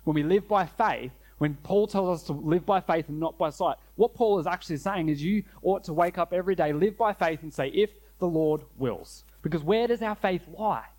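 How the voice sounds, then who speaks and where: A man preaching a sermon, earnest, slowing down and dropping low to stress key phrases. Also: darkish tone. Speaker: pastor.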